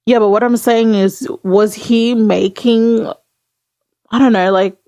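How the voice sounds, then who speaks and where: A woman's voice: fairly high pitch, steady tone, slow, warm tone, no room sound. A woman co-hosting a podcast in casual chat, rambling and hesitant with many fillers. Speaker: podcast co-host.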